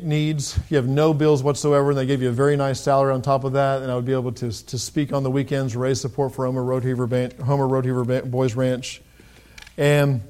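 A middle-aged man preaching a sermon in a conversational way, with pauses and restarts, who raises his voice when he reads scripture. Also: mid-range voice, a little mellow. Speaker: pastor.

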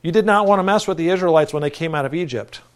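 A man's voice: on the high side, rapid-fire. A middle-aged male pastor preaching a folksy, conversational sermon with self-deprecating asides.

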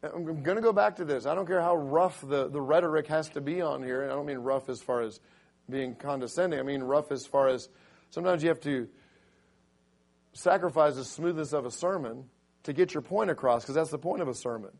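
Raspy-voiced man preaching a sermon. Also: on the high side, a little fast. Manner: builds to loud, emphatic preaching when quoting scripture. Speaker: pastor.

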